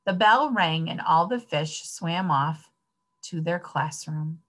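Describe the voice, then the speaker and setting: A woman reading a children's picture book aloud, expressive and addressing the children. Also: sits low, takes it slowly. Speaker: story reader.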